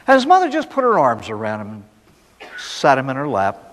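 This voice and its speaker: A man's voice: fairly high pitch, wildly swooping pitch, moderate pace, long pauses, a bit bright. A man, a priest, giving a recovery talk to an audience, telling folksy stories and asking rhetorical questions. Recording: echoey hall recording.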